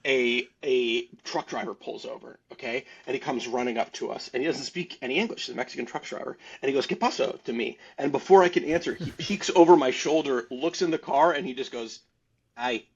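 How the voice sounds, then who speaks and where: A man's voice: mid-range voice, fairly quick, slightly rough. A man on a podcast telling a story casually and animatedly, rambling and laughing between lines. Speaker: podcast guest. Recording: dull lo-fi sound.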